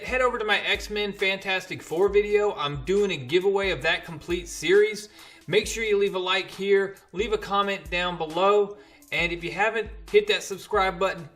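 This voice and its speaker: Male comic reviewer, chatty and enthusiastic, bright and fairly high voice. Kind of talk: casual comic recap vlog.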